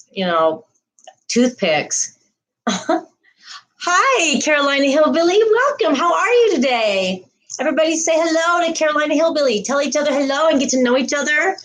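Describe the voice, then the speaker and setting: Woman livestream host with a slightly high voice, chatty and rambling, greets viewers by name. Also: animated, normal speed, fairly bright tone, low-quality recording. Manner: frequent laughs and restarts. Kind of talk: casual livestream chat.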